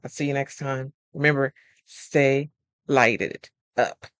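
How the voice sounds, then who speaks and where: A man's voice: medium pitch, slow pace, clean tone, no room sound. A man who is a life coach talking casually about friendship, telling stories and acting out the voices of friends, laughing often. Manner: animated storyteller acting out quoted friends. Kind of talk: casual advice monologue.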